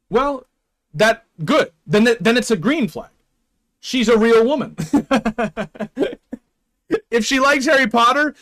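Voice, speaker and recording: A man's voice: on the high side, a bit bright, clean tone. A man streaming live, talking casually in an opinionated, rambling way and laughing often.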